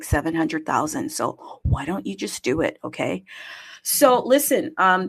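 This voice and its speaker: A woman with a fairly low voice hosts a live online audio chat. She talks casually and playfully, tossing out jokey greetings to listeners. Her delivery is lively and full of little fillers. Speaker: host of a live audio space.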